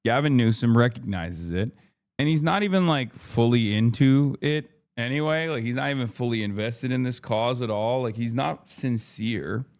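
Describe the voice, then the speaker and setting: A male streamer rants in loose livestream commentary, exasperated and quick to swear. He restarts and repeats phrases to hammer home his points. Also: medium pitch, darkish tone. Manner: exasperated, profane ranting. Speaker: streamer reacting to news.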